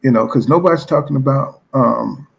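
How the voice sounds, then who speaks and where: A man's voice: medium pitch, normal speed, gravelly. A man hosting his own boxing channel, chatting casually and bluntly as he reacts to viewer comments, repeating fillers like "you know what I'm saying". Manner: blunt and profane.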